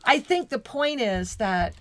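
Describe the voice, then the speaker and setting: A woman's voice: on the high side, lively intonation, measured pace, a bit bright. Effusive woman on spiritual talk radio. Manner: effusive, devotional, restarts often. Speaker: co-host. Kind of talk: spiritual talk radio, reading chat messages.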